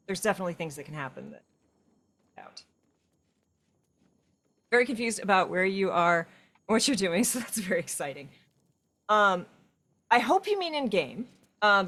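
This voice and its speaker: Chatty woman co-hosting a game stream. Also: mid-range voice. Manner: chatty, animated storytelling. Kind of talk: casual chat while playing.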